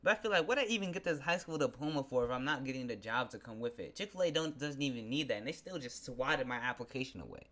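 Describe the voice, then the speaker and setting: A young man in a casual vlog, ranting in an animated, slangy, exasperated way. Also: medium pitch, quick pace, hardly any pauses. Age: young adult. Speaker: vlogger. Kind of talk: casual venting monologue.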